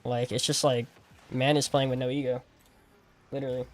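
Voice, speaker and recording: A man's voice: medium pitch, little pitch movement, normal speed. A young man streaming a game, talking to chat in a casual, argumentative way, full of slang and repetition. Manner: incredulous, argumentative, repeats himself; heavy use of "like" and slang.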